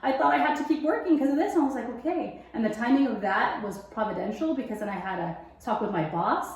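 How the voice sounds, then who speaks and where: A fairly high-voiced young woman talks in a loose, animated way and slips into her own past thoughts as she tells her story. She is recorded in a room with strong echo. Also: quick pace. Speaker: guest sharing faith testimony. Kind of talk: casual interview chat. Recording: very echoey room.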